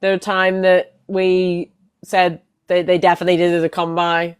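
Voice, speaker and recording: A woman's voice: on the low side, flat delivery, a little slow, smooth. A woman co-hosting a football podcast, chatting casually and matter-of-factly about the games. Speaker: podcast co-host. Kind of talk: casual chat.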